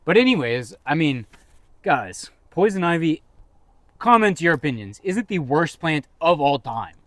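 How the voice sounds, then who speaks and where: A man's voice: a little high, big pitch swings, moderate pace, a bit bright, no room sound. Male podcast co-host, casual chat, rambling and jokey, dry close sound.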